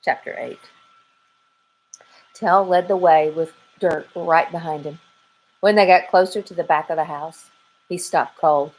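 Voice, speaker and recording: A woman teacher reads a children's storybook aloud with a soft, expressive touch. Her voice sits fairly low for a woman. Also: measured pace, long pauses, poor audio. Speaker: 3rd grade teacher.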